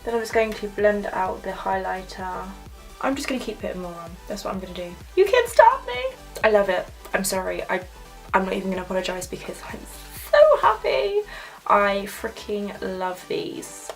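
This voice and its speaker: A young woman gushing excitedly while talking through a makeup tutorial. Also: medium pitch, a little fast, faint music behind. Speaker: makeup vlogger. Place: home filming setup with ring light.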